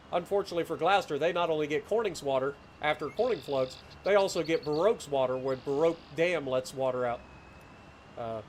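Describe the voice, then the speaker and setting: Casual streamer, rural Ohio man in his late thirties, slightly high voice, rambling and chuckling, faint noise behind. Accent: rural southeastern Ohio. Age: late 30s. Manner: rambling storyteller, chuckles often, greets chat. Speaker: livestreamer. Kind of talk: casual gameplay livestream chat.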